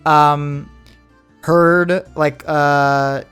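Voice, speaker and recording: A young man co-hosting a podcast, chatting casually and animatedly, slipping into quick voiced impressions. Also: on the high side, fairly even intonation, a bit bright, smooth, faint music behind. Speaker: podcast co-host. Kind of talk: casual chat.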